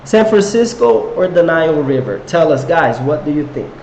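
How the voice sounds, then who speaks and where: A man's voice: on the high side, very animated, normal speed, creaky, darkish tone, roomy sound, a little hiss or hum, poor audio. A man teaching an English grammar lesson to viewers, encouraging them and quizzing them with questions. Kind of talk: live online English lesson.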